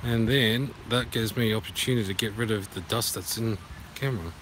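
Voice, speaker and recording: A man's voice: on the low side, brisk. Rambling Australian man vlogging outdoors. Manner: rambling and punning, sings along loosely. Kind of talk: casual walking vlog. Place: outdoor park by a duck pond. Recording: noisy outdoor phone recording. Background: outdoor ambience with passing traffic.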